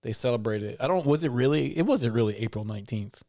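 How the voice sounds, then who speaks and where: Young dude cohosting a podcast, rambly, swears a lot, middle pitch, dry close mic. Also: male voice, lively intonation, fast talker, mellow, no echo. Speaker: podcast co-host. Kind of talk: casual chat.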